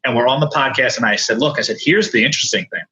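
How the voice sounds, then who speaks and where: A man speaking as a podcast guest and coach, telling candid stories in an animated, earnest way with many asides. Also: mid-range voice, rapid-fire, highs cut off. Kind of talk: candid storytelling in conversation.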